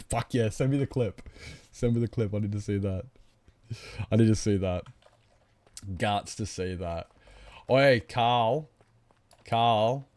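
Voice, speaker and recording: A man's voice: fairly low pitch, slow, pauses often, a little mellow. A man chatting on a live game stream, rambling, greeting viewers and joking about himself.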